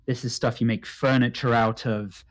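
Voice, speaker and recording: A man narrating a tabletop game as game master, halting with many restarts. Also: medium pitch, level tone. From United Kingdom.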